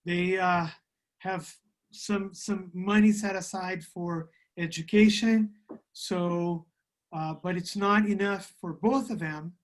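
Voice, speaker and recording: A man's voice: high-pitched, steady tone, takes it slowly. A man interpreting a church class and reading scripture aloud, careful and hesitant, with many fillers, over a video call.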